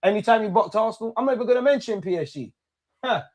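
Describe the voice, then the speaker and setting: A man's voice: high-pitched, animated, quick pace, a little mellow, dry recording, studio quality. Brash young man streaming football. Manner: brash, mocking rants with London slang. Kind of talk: live football watch-along banter.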